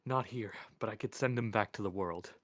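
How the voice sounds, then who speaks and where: Man doing a young man, quiet, even, menacing, low voice, dry close sound. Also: normal speed, dry recording. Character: intense young man turning cold.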